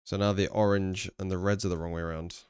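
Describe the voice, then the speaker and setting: A man's voice: low-pitched, flat delivery, fast talker, darkish tone, clean tone, dry recording, clean studio sound. A young English man streaming live, chatting casually with viewers, thinking aloud and swearing now and then. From England.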